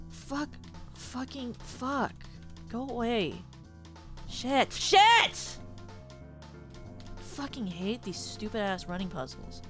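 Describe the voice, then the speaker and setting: A young woman comments live on her gameplay, cursing often and breaking into sudden shouts of frustration. Between outbursts she mutters her choices quietly. Her voice sits at an average pitch. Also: big pitch swings, drawn-out words, pauses often, soft background music. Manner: foul-mouthed, sudden loud outbursts. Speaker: game streamer.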